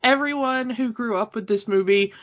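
A woman's voice: a little high, moderate pace. Chatty woman with a lo-fi sound. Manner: chatty, laughs often, fillers and restarts. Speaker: podcast co-host. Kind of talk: casual chat. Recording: dull lo-fi sound.

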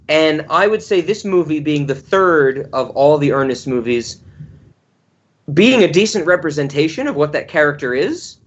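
A man's voice: fairly high pitch, dull audio. A man co-hosting a podcast, giving long-winded, rambling explanations in casual chat. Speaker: podcast co-host.

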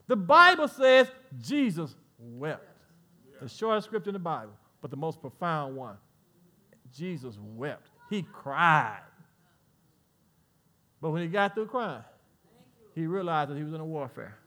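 A man preaching a sermon as pastor, swinging between quiet asides and loud, rising exhortations. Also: on the high side, very animated, unhurried, pauses often. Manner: preaching with swells of volume and playful asides to the congregation.

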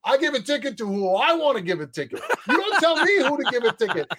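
A man's voice: very high-pitched, very animated, fast talker, fairly bright tone, voice pushed up, exaggerated voice. A man voicing a defiant male New traffic cop, snapping back.

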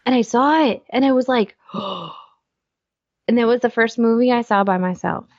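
A woman's voice: fairly high pitch, a little fast, no echo. Chatty mother on a dull call line. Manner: chatty, animated, acts out her own reactions. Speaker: podcast co-host. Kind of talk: casual chat. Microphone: video call.

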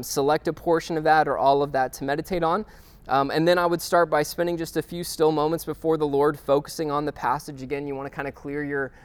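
A man's voice: mid-range voice, smooth. Chatty man teaching a Bible study. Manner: conversational, with frequent fillers and restarts; checks in with listeners. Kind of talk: casual teaching talk.

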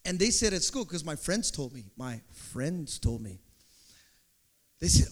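A man preaching a sermon as pastor, animated, acting out quotes and building to shouts. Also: fairly high pitch, measured pace.

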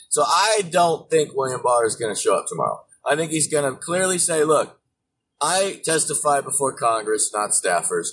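A man delivers profane, mocking political commentary with a lively voice that swings high and low. He sits a bit back from the mic, and a faint hiss runs under his voice. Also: far from the mic, low-quality recording. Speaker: political podcast host.

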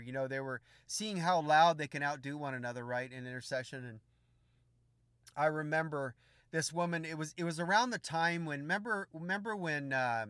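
A middle-aged man preaching, telling a funny story in an animated, humorous way. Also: on the high side, smooth, dry recording, clean studio sound. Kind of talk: storytelling sermon.

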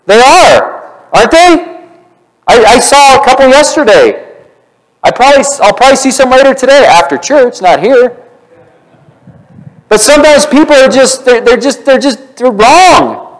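A male pastor preaching a sermon in church, animated and conversational, asking the congregation questions. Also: extremely high pitch, moderate pace, long pauses, low-quality recording.

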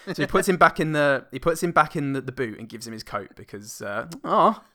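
A man's voice: medium pitch, expressive, fairly quick, sharp tone. Laughing man recapping a film. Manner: jokey, laughing, acts out film scenes in silly voices. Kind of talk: casual film-recap chat.

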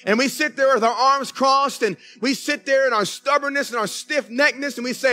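A Southern US pastor delivers a sermon in church with a bright voice pitched high for a man. He speaks in a folksy storytelling way, calling out to the congregation for an amen. Soft music plays faintly underneath. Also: a little fast. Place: church sanctuary.

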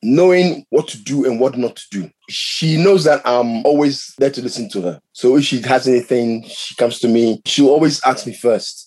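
A middle-aged man, a guest on a podcast, talking about marriage in a measured, steady way. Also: mid-range voice, breathy edge, low-quality recording. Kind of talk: casual conversation.

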